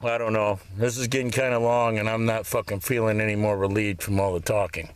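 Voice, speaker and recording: A man's voice: fairly low pitch, little pitch movement, fairly quick, smooth, no echo. Bitter, foul-mouthed middle-aged man. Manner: bitter, rambling, swears constantly. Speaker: vlogger. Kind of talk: angry profane monologue.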